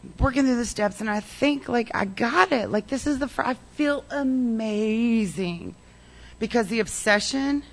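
A woman's voice: on the high side, unhurried. A woman telling her personal recovery story in a rambling way, full of "like" and "um". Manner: rambling, heavy use of "like" and "um".

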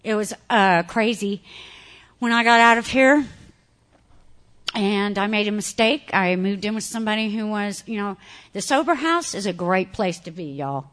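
A woman giving a candid, animated personal testimony to an audience, laughing often as she talks. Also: medium pitch, normal speed. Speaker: speaker sharing recovery story.

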